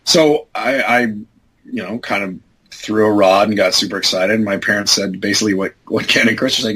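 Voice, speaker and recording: A man in his fifties with a husky, slightly breathy voice sits in as a guest and tells a long, rambling tale. He restarts sentences and leans on fillers as he goes. When he quotes people, his pitch leaps high to act them out. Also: moderate pace, a bit bright, poor audio. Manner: acts out quoted dialogue with big jumps in pitch; rambling, self-correcting, many fillers. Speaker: interview guest. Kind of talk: casual anecdotal storytelling.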